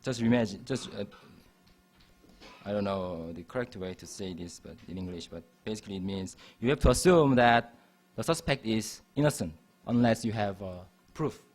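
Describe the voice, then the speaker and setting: A man's voice: on the low side, normal speed, soft background music. A man giving a university math lecture, explaining patiently and restarting phrases as he goes. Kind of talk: classroom lecture.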